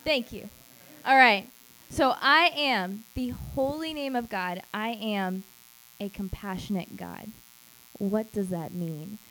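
A woman's voice: medium pitch, takes it slowly, bright, forceful tone, smooth, poor audio. A woman who leads a small group, giving an emphatic church teaching talk. She repeats key phrases and acts out quoted lines.

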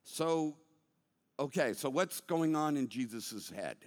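Man preaching, lively and fairly high voice, emphatic swings from bursts to quiet asides, long hall reverb. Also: takes it slowly. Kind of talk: sermon.

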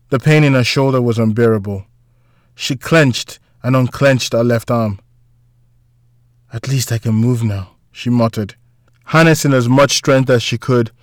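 This is scripted audiobook narration from a man who tells the story in a measured, even way. His pitch is medium, and the studio-quality recording has no echo.

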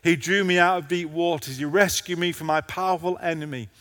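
A man's voice: fairly high pitch, fairly even intonation, fairly quick, fairly bright tone, long reverb tail. A male pastor preaching a passionate sermon to a congregation, his intensity rising and falling.

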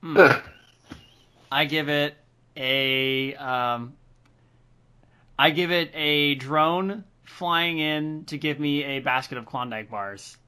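A man's voice: fairly high pitch, slow, pauses often, bright, forceful tone, slight background noise. A man co-hosting a podcast in casual chat, joking and swearing freely. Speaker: podcast co-host.

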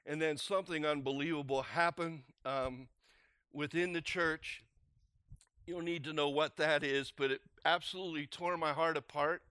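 A middle-aged male pastor giving an earnest, conversational sermon and acting out quoted prayers with lively emphasis. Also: on the high side, clean tone, no room sound.

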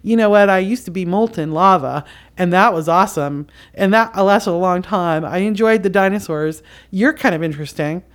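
A woman voicing the Earth as a laid-back, ancient female figure, unbothered and amused, speaking in an easygoing, relaxed drawl. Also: lowish voice, normal speed, lightly acted. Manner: easygoing surfer-style drawl.

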